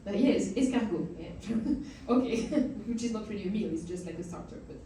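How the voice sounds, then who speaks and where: Young french woman chatting onstage, lively and laughing a lot, echoey room, sounds far from the mic. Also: mid-range voice, moderate pace, slight background noise. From France. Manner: animated, laughs often. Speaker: guest. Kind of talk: fireside chat. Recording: echoey hall, mic at a distance.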